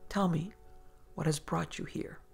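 Lady doing a sweet old priest guy, slow and soft, gravelly and husky. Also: deep voice, fairly even intonation, faint music behind, full character voice. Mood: gentle. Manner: slow, gentle, sometimes near-whispered. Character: frail kindly old male priest, soft-spoken.

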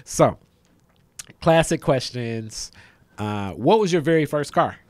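A man's voice: mid-range voice, animated, slow, no room sound. A man hosting a casual interview, chatty and playful, asking questions in an easy slangy way. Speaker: interview host.

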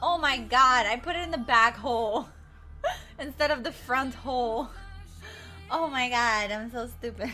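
A woman's voice: fairly high pitch, lively intonation, normal speed, pushed and bright, soft background music. A woman streaming in casual chat, flustered and mocking herself.

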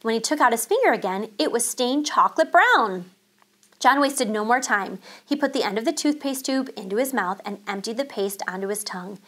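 Woman teacher, bedtime story reading, calm expressive storytelling, slightly high voice. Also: a little fast. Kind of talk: reading a children's book aloud.

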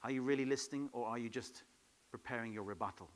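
A man leading an improv workshop at a conference, in a lively, playful way, throwing questions to the audience. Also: medium pitch, quick pace. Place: conference hall.

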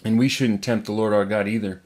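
A man preaching a casual, conversational sermon, plainspoken, often repeating words and checking in with a quick "right?". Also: on the low side, steady tone, a little mellow.

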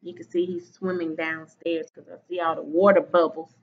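A woman, a teacher, reading a picture book aloud to children at home on a webcam, pausing to ask them questions. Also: fairly low pitch, level tone. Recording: slightly dull webcam audio.

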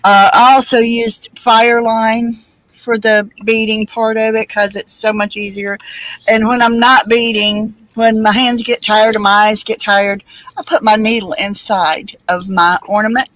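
A woman's voice: a little high, level tone, unhurried, fairly bright tone, no room sound, poor audio. A woman with a Southern US accent chatting casually on a live stream, rambling with many ums and restarts. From Alabama, US.

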